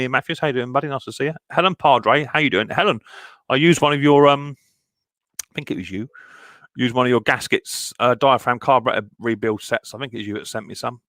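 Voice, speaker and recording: Speaking in a fairly bright tone at an ordinary middle pitch, a live streamer greets viewers by name and chats loosely, full of ums and offhand asides. The audio is close and dry, free of any echo.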